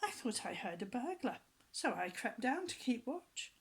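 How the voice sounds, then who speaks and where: A woman's voice: on the high side, sing-song, moderate pace, husky, full character voice. A woman reading the part of a cheeky, scheming young boy who talks back, for a read-aloud story. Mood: sly. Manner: sly, defiant.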